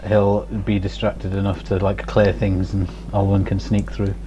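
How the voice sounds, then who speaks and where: Dude playing a tabletop game, lowish voice, casual and sweary. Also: male voice, monotone, normal speed, lo-fi sound, over a noisy crowd. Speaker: player.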